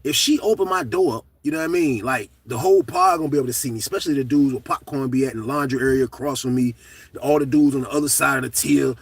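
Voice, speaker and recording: A middle-aged man telling a story to camera in a casual, profane, animated way, shouting at the high points. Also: fast talker, vocal fry, husky, no echo, distant mic.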